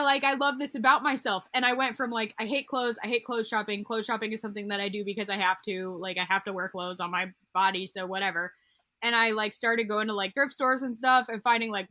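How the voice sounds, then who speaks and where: A woman's voice: on the high side, bright, forceful tone, no echo. A young woman, a podcast guest, telling a personal story in casual interview talk, rambling with many fillers and restarts. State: getting emotional. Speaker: podcast guest, occupational therapist.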